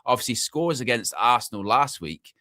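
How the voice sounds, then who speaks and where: Brief: male co-host, bright forceful tone, dry close mic, animated banter. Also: moderate pace, no room sound. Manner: animated, mimics friends in high voice. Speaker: co-host of fan show. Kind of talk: casual football chat.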